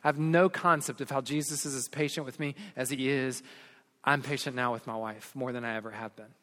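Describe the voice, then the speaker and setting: A pastor in his forties preaching a sermon, telling stories with rising energy and dropping to soft, earnest tones. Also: medium pitch, steady tone, brisk. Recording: long hall reverb.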